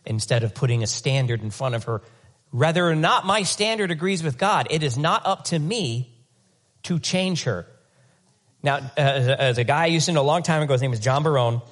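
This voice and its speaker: In a mid-range voice, a male pastor preaches conversationally and with energy, adding humorous asides and often repeating words as he rethinks sentences mid-thought.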